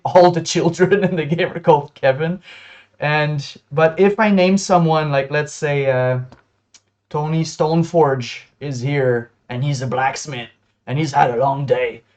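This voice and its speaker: A man's voice: fairly high pitch, darkish tone, dull audio. A man hosting a casual livestream chat about running tabletop games, chatty and self-conscious, often laughing. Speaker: host, game master.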